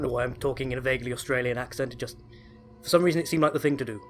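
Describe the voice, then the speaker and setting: A man chats his way through a stealth game, eager and rambling, often correcting himself mid-sentence. His pitch sits in an ordinary middle range. Faint music plays quietly underneath. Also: racing. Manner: chatty, enthusiastic, self-correcting. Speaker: let's play host. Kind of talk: casual gameplay commentary.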